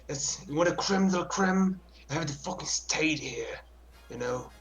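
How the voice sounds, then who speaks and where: A hard-edged bodyguard who threatens in a low, held-back snarl as a man acts him out. The voice sits slightly high for a man. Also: normal speed, a bit bright, lightly acted. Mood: menacing. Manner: low, aggressive, restrained. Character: tough male bodyguard making threats.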